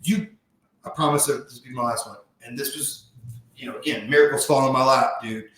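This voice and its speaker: A man on a podcast as a guest, telling a personal story in a heartfelt, reflective way and slowing down to stress key points. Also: medium pitch, a bit bright. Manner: heartfelt, reflective, often slows down for emphasis. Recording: very echoey room.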